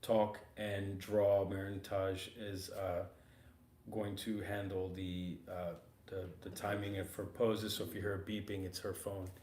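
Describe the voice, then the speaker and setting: A man hosting a casual art podcast in an art supply store, slightly hoarse from getting over losing his voice, talking in an easygoing, rambling way. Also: sits low, little pitch movement, unhurried, darkish tone. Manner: easygoing, rambling, many fillers. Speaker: podcast host. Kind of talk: casual chat. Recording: roomy store with faint ambient noise.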